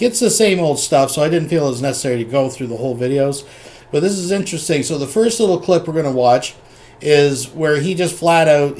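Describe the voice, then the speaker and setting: A man's voice: mid-range voice, a little mellow. Chatty man hosting commentary, says "folks". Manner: chatty, keeps saying "folks". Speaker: commentary channel host. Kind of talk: casual commentary.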